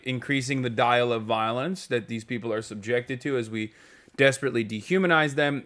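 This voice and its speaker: A man streams live while reacting to news clips, offering casual political commentary that's emphatic, profane, rambling and full of fillers. His voice is medium in pitch and a bit bright.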